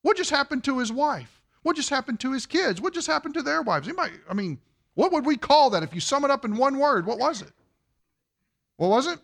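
A man preaching a sermon to a congregation, asking them questions and swinging between loud emphasis and hushed, quiet lines. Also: extremely high pitch, very animated, brisk, creaky. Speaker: pastor.

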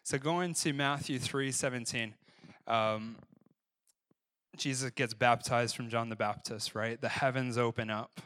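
A man's voice: mid-range voice, fairly even intonation, measured pace, fairly bright tone, no room sound. A man preaching a conversational sermon, often checking in with his listeners. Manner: conversational, frequent "right?" tag questions.

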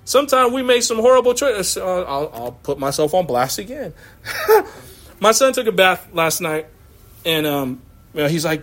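A man's voice: high-pitched, big pitch swings, moderate pace, a bit bright. A man preaching a sermon as a pastor, conversational and laughing often, acting out little quoted exchanges.

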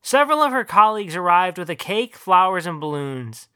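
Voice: medium pitch, very animated, a little fast, pushed and bright, smooth, dry recording, clean studio sound. An author narrating their own short story and then chatting casually about it. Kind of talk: audiobook reading and casual commentary.

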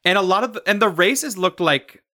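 A man co-hosting a podcast, chatting casually in an excitable, jokey way. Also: sits high, a little fast. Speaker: podcast co-host. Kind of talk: casual chat.

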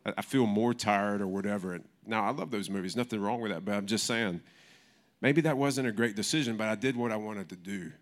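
A man's voice: fairly low pitch, a little fast. A man preaching a sermon in church in a casual, conversational way, often restarting his sentences. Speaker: pastor.

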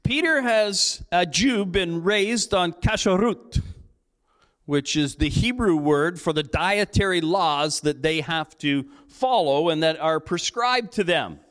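A lead pastor preaching a sermon, telling stories and acting out playful dialogue with jokes. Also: male voice, high voice, expressive, slow, fairly bright tone.

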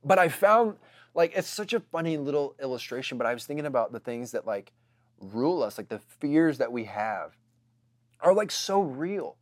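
A man's voice: mid-range voice, big pitch swings, moderate pace, dry recording, studio quality. A man telling a casual story to his congregation, chatty and full of fillers.

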